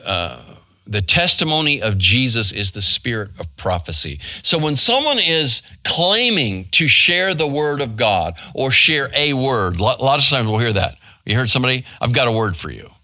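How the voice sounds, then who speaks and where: A man's voice: medium pitch, sharp tone, no echo. A middle-aged man and pastor, giving a casual Bible study with many fillers and asides to the room. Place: church hall.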